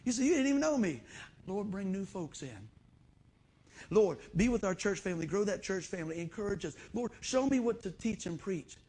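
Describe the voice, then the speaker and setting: A man's voice: high voice, animated, normal speed, dark tone, husky. A middle-aged man preaching a sermon in church, telling folksy stories and acting out the voices he quotes. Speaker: pastor.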